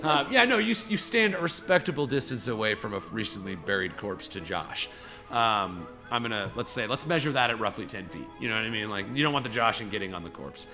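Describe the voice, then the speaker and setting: A man's voice: on the low side, expressive, fairly quick, faint music behind. A man narrating a tabletop game as game master, rambling with many fillers. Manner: rambling, filler-heavy storytelling.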